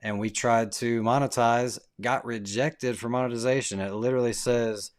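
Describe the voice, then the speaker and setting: A man's voice: mid-range voice, fairly even intonation, normal speed, few pauses. A man who runs a ministry, talking as a podcast guest in a casual, earnest way, full of "like" and "dude". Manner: earnest, storytelling, fillers like "dude" and "like". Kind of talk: casual chat.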